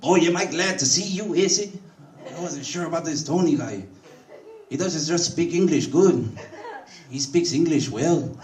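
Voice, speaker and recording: A man's voice: normal speed, reverberant, far from the mic, background noise, lightly acted. A man voicing a blunt, streetwise young male coworker who talks in slang. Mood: relieved. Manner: slangy, high and eager.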